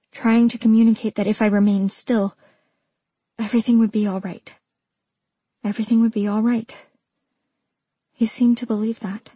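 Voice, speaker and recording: A female narrator reads a first-person story in a measured, intimate tone. Her voice is mellow and slightly husky. The recording is dry and close. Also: medium pitch, no room sound. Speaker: audiobook narrator.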